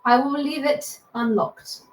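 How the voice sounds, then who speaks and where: A woman's voice: high voice, fairly even intonation, unhurried. Woman player off-mic in an echoey room. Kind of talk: casual tabletop role-play. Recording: distant echoey mic, faint noise.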